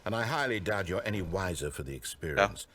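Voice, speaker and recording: A condescending game narrator. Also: male voice, deep voice, expressive, a little fast, over a noisy crowd. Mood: disdainful. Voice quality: dry, condescending, theatrical. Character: aloof disdainful male game narrator.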